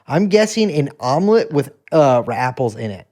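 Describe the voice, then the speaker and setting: Goofy podcast host guy, jokey banter, really animated. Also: medium pitch, normal speed. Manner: playful, riffing, teasing. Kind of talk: casual banter.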